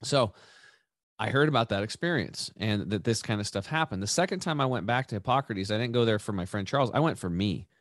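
A man's voice: lowish voice, brisk, no echo. Man, podcast host, rambling casual storyteller, restarts often, dry close sound. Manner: rambling, animated, repeats and restarts, says "dude" and "right".

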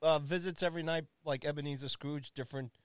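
A man's voice: a little high, steady tone, fast talker. A man in his thirties co-hosting a podcast, teasing and joking in casual chat. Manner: teasing, playful, jokey asides. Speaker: podcast co-host.

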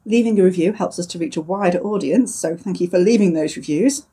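A woman's voice: on the low side, a little fast, dark tone, slightly rough. A middle-aged woman, co-hosting a podcast in chatty conversation and laughing often. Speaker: podcast co-host. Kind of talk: casual chat.

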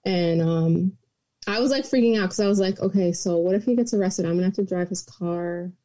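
A woman's voice: on the low side, a little fast, mellow, a little hiss or hum. A young woman in casual podcast chat, telling a story in a loose, rambling way full of "like" and "um".

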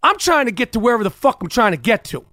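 A man with a strikingly high voice rants on a talk show, crude and incredulous, piling on the outrage. The sound is close and dry, with no room around it. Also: sing-song, fast, bright, forceful tone, no room sound. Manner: heated, crude, incredulous ranting. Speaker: host. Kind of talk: profane comedic rant.

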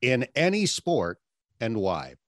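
A man's voice: medium pitch, wildly swooping pitch, slow pace, a bit bright, dry recording, studio quality. A man hosting a radio interview, asking questions in a friendly, plain way. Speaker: radio host.

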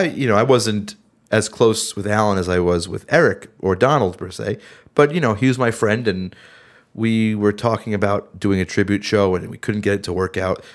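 A middle-aged man with a fairly low voice chats on a podcast, sidetracking and restarting as he talks through his band's stories. His voice sounds slightly worn from being sick. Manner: rambling, self-interrupting storyteller. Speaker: band member and podcast host. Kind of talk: casual chat.

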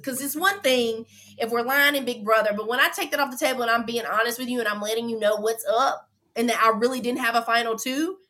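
A young woman telling a story in an interview, emphatic and animated, often acting out the dialogue. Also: high voice, slight background noise. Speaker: former reality show contestant.

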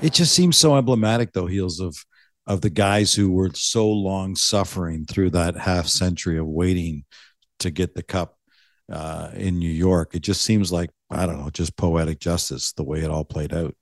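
A man with a very deep voice hosting a podcast, asking about stories in an easygoing, teasing way. His voice is recorded close and dry. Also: normal speed, no echo. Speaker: podcast host. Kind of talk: casual interview.

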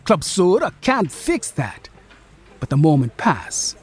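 A narrator reading a literary story in a slow, rhythmic, lingering way. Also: mid-range voice, wildly swooping pitch, breathy edge, faint music behind.

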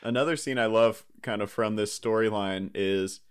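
Young male podcast co-host, slightly low voice, relaxed, laughing casual chat about films. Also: normal speed, clean tone.

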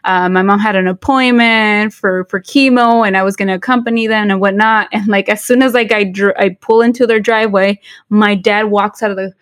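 A woman's voice: mid-range voice, fairly even intonation, fairly quick, dry recording, studio quality. A woman, co-hosting a podcast in casual chat, switching between English and Spanish with lots of fillers and restarts. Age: 40s. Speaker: podcast co-host.

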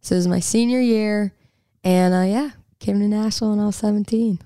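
A woman's voice: medium pitch, steady tone, brisk, dark tone, no echo. A chatty 22-year-old woman from Texas, a singer talking in a radio interview, laughing often and rambling through restarts. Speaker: singer-songwriter guest. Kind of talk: casual radio interview chat.

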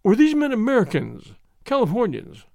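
A man's voice: extremely high pitch, huge pitch swings, normal speed, gravelly, dark tone, no room sound, studio quality, pitched above the performer's own voice, full character voice. A man reading an audiobook, voicing a stern police inspector who questions in an insistent, formal way. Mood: probing.

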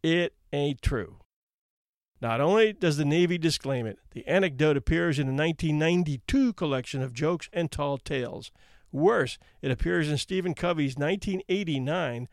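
A man narrating stories with a wry, conversational read, a little higher than most men. The sound is dry and close, with no room around it. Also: dry recording. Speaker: podcast host. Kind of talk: storytelling narration.

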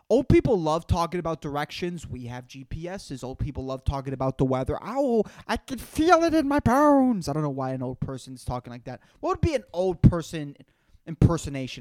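A man's voice: on the high side, no echo. Rambling, profane man in his twenties. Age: 20s. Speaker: podcast host. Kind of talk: casual solo podcast rant.

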